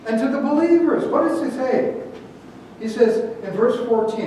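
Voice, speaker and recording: A man preaching a sermon as pastor, asking rhetorical questions and stressing words slowly before dropping to a hush. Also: lively intonation. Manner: rhetorical questions, slow emphatic phrasing, drops to a hush. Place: church sanctuary. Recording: very echoey church from a distant mic, faint rumble.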